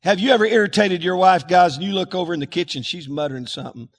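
A man's voice: sits high, fast talker, gravelly, big-room sound. A man preaching a folksy sermon, asking the congregation to call out words back to him. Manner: folksy, calls for congregation responses. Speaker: pastor.

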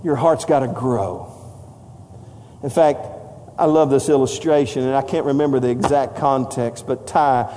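An older man preaching a sermon to his congregation, passionate, climbing into shouted lines. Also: medium pitch, steady tone, moderate pace, a little hiss or hum. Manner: impassioned, rising to shouts. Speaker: pastor. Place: church sanctuary. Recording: long hall reverb.

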